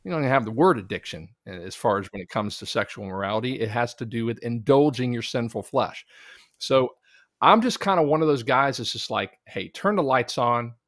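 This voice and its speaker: A man's voice: mid-range voice, animated, a little fast, fairly bright tone, dry recording. Earnest male minister guest, preacherly testimony, dry close studio sound. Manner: earnest, preacherly, quotes scripture. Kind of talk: conversational interview testimony.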